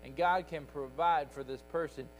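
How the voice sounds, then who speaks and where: A man delivers a Sunday school lesson like a sermon in a church sanctuary, driving each point home through emphatic repetition. His voice is slightly high for a man, with a steady tone and moderate pace. Faint music hums beneath the low-quality recording.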